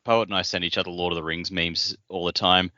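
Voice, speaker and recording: A man co-hosting a casual book podcast, making relaxed joking asides. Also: low voice, brisk, dry recording, dull audio. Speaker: podcast co-host.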